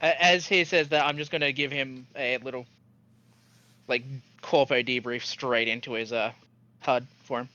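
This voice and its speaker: A man's voice: mid-range voice, fairly even intonation, moderate pace, pushed and bright, dull audio. A man playing in a tabletop game, talking casually and joking, swearing freely. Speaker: player. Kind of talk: tabletop role-play chat.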